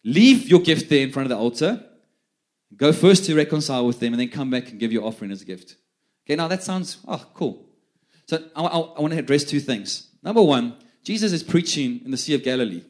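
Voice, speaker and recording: A middle-aged South African preacher speaks briskly and expressively, his fairly high voice carrying a darkish tone. He tells chatty stories, often repeating words as he restarts.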